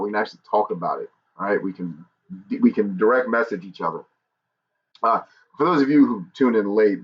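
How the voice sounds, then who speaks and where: A man hosts a YouTube livestream, talking casually to his viewers in a lowish, earnest voice. He's candid and slips jokes in between somber moments, all through dull, lo-fi stream audio.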